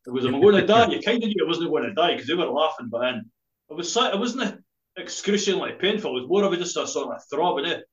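A man's voice: fairly high pitch, animated, quick pace. A man from Dundee with a Scottish accent, a spoken word poet, rambling through a story full of swearing and tagging his sentences with "eh?". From Scotland. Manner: rambling, laughing, heavy swearing, tag "eh?". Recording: roomy, slightly dull podcast audio.

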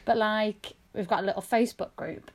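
Woman on a podcast, chatty, laughs a lot, normal pitch. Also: a little mellow. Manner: chatty, laughing, quick storyteller. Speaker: podcast co-host. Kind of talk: casual chat.

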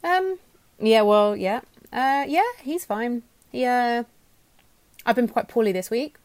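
A woman's voice: a little high, slow pace, a little mellow, no room sound. Wry woman podcast co-host, dry sound. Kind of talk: casual podcast chat.

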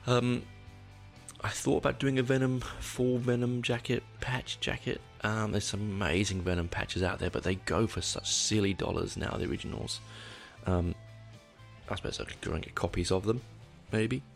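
Low gravelly man, rambling podcast. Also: fairly even intonation, normal speed, faint music behind. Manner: rambling, self-correcting and candid, with dry asides. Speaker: podcast host. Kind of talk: casual solo podcast monologue.

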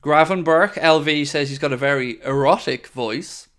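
Hosting his podcast, a young man casually gives his opinions on comments from a live chat, sprinkling in fillers and asides. His voice is on the high side and fairly bright, at a moderate pace.

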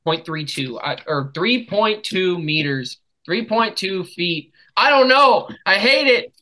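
A man's voice: sits high, expressive, takes it slowly, bright, forceful tone, rough recording. An American man hosting a podcast in casual chat, telling stories with lots of swearing and laughter. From United States. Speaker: podcast host.

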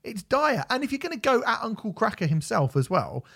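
Ranting, sweary man with a lively voice. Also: sits high, a little fast, gravelly, breathy edge. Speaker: podcast co-host. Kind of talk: casual chat, album review.

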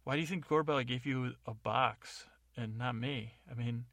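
A man's voice: mid-range voice, normal speed, fairly bright tone, no echo, natural voice. A man voicing a curious, pushy old-time sidekick who keeps asking about a box. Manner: nosy, distracted.

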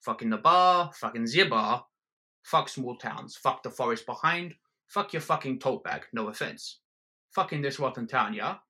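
A man doing a gruff German bar owner. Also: mid-range voice, animated, normal speed, sharp tone. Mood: ranting. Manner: broken English, gruff and bellowing. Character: giant angry German metal bar owner, middle-aged man.

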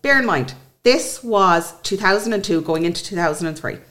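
An Irish woman in her forties, a podcast guest, telling a personal story in an emotional, animated way and acting out what others said. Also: mid-range voice, moderate pace.

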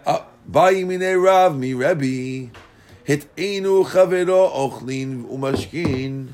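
A man's voice: medium pitch, a little mellow. A man teaching a casual Talmud class, mixing Hebrew and Aramaic terms into English and often checking that listeners follow. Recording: class recording.

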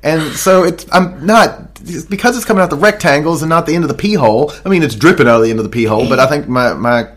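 A man's voice: a little high, expressive, fast talker, few pauses, a bit bright. A man with an Australian accent co-hosting a podcast, telling a crude story in a rambling way and laughing at his own jokes. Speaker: podcast co-host. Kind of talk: casual chat. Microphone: desk microphone.

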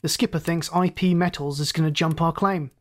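The narrator voicing a terse male first mate of a space freighter, crisp and commanding. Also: medium pitch, steady tone, fairly quick, lightly acted. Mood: urgent.

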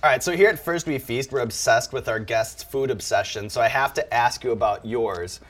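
Man, show host, upbeat, quick to laugh, reads quotes aloud, average pitch. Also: a bit bright. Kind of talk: interview hosting, reading out quotes.

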